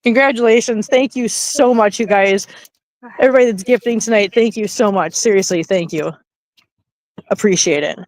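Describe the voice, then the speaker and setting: A woman's voice: medium pitch, moderate pace, rough recording. A middle-aged woman hosting a casual livestream outdoors at night, chatty and playful, laughing often and talking into a handheld phone. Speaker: livestream host.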